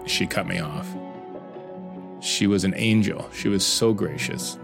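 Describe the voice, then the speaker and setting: Middle-aged man, low gravelly voice, earnest confessional narration, faint music underneath. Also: unhurried, long pauses. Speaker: narrator of his own story. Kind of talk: emotional personal narration.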